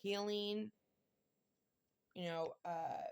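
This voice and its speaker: Emotional gravelly-voiced woman reading tarot. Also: medium pitch, steady tone, extremely slow. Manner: emotional, exclamatory, near tears at times. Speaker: tarot reader. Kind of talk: casual tarot reading monologue.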